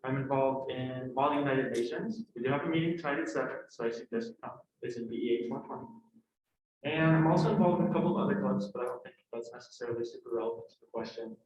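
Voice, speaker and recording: A young man, a college sophomore, speaking as a student panelist in a quick, earnest and chatty way. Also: mid-range voice, darkish tone. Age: young adult. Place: university event room. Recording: echoey room, dull lo-fi sound.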